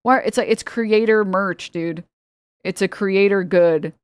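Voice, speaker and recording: Young woman streamer, casual and sarcastic, mid-range pitch, dry close recording. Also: unhurried, clear, resonant tone, dry recording. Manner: exasperated, rambling, sarcastic.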